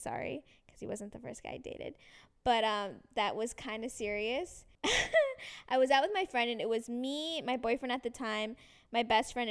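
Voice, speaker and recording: A woman's voice: fairly high pitch, clear, resonant tone. A young woman from Canada, telling a story in casual chat, acting out quotes and swearing often.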